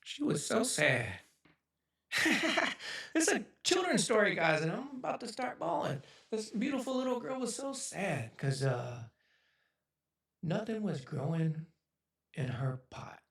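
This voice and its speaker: A man's voice: high voice, big pitch swings, moderate pace. Choked-up man in his forties telling a story. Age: 40s. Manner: choked up and emotional, rambling with many fillers. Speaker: speaker on a livestream. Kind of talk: emotional storytelling to an audience. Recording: echoey room, voice from a distance.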